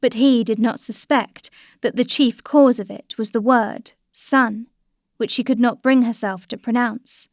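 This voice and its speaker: A woman narrating a classic novel as an audiobook, in a measured, even storytelling manner. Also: fairly high pitch, dry recording, studio quality.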